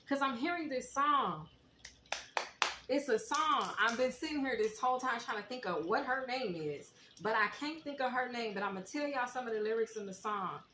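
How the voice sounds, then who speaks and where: Emotional woman giving an echoey tarot reading. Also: sits high. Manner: emotional, preacherly, breaks into soft song. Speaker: tarot reader. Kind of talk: spiritual tarot reading to viewers. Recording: echoey room with faint noise.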